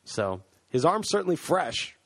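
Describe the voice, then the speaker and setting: A man's voice: fairly high pitch, big pitch swings, measured pace, vocal fry. A man co-hosting a podcast in casual chat, loose and rambling, laughing as he talks, recorded on a computer mic. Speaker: podcast co-host. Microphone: computer mic, remote call.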